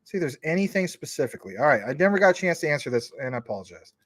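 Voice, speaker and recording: A man's voice: a little high, big pitch swings, rapid-fire, a bit bright, dry recording. A man hosting a casual livestream, reading viewer comments in a rambling, informal way with many fillers. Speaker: crypto livestream host.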